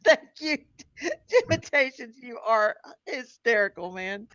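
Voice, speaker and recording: Lively woman host, dull dry mic. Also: a little high, a little slow, dry recording. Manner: lively, effusive. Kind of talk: casual chat.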